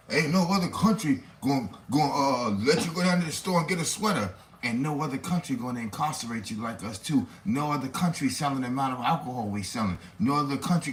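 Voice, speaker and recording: A man, delivering a profane, preachy rant full of rhetorical questions. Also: on the high side. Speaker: commentator. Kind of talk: ranting monologue.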